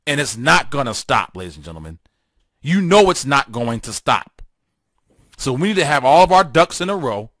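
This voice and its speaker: A man's voice: a little high, fairly bright tone, no echo, clean studio sound. Fiery, emphatic male talk host. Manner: fiery, emphatic and repetitive, with stammered restarts. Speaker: political talk show host. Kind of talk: solo talk radio monologue.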